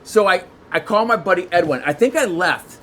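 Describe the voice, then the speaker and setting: Excitable rambling male podcast guest, slightly high pitch, light background noise. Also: a little fast. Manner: excitable, rambling, many restarts. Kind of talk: casual storytelling chat.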